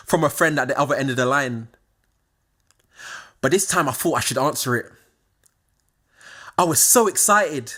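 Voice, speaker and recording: A man, telling a scripted personal story, moving from quiet confiding tones to excited exclamations. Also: fairly high pitch, normal speed, long pauses.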